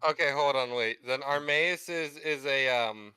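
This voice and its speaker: A man with a bright, forceful voice talks excitably at a game table. His words come out smooth and crisp as he thinks aloud. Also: mid-range voice, unhurried. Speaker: player. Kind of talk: casual tabletop game chat.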